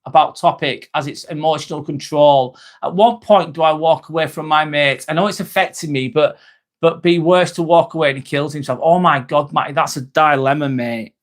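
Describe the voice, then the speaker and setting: A man's voice: fairly high pitch, steady tone, normal speed. A man hosting a live stream, reading viewer comments and giving earnest advice, often repeating himself. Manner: earnest, repeats himself, calls people mate. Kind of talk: casual live-stream chat.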